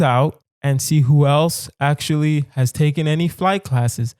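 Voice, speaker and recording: A man's voice: fairly high pitch, unhurried, few pauses, clear, resonant tone, dry recording, studio quality. A young man hosting a comedy podcast alone, riffing on hypothetical dilemmas and talking straight to his listeners with mock-serious asides. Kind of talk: solo comedic monologue.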